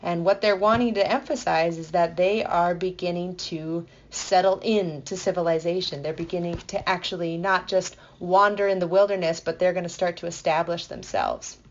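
A woman leading a conversational Bible teaching, explaining the text in a playful, enthusiastic way with lively asides. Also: lowish voice, moderate pace, hardly any pauses, dull audio.

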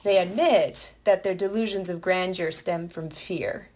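A woman explaining a Bible passage in a playful, enthusiastic way, building excitement as she goes. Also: on the low side, unhurried, highs cut off. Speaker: Bible teacher. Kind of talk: explanatory podcast talk.

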